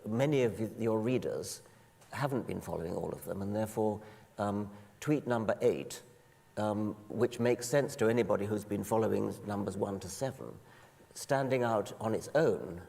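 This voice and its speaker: A man with a low, gravelly voice talks in a measured, explanatory way as a guest in a live onstage conversation. His voice carries a long hall reverb from a large auditorium filled with an audience. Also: dark tone. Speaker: guest speaker.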